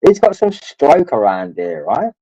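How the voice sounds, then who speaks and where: A man's voice: medium pitch, huge pitch swings, a little slow, dark tone, breathy edge, no echo. A man, talking rambling and crude to his livestream chat while drinking, swearing often and calling viewers his lads. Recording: dull lo-fi stream audio.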